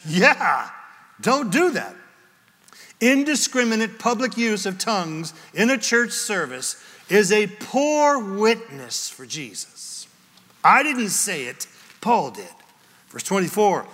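A man preaching a sermon, his high voice sounding bright and ringing as he tells a lively story and breaks into scripture verses. A long echo trails every phrase, as in a big hall. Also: slow. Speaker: pastor.

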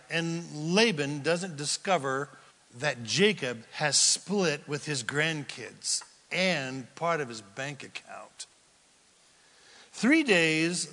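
A male pastor giving a sermon, telling a story with animated delivery and questions to the congregation. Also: on the high side, big-room sound. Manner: animated storytelling, acts out quotes, asks the crowd questions.

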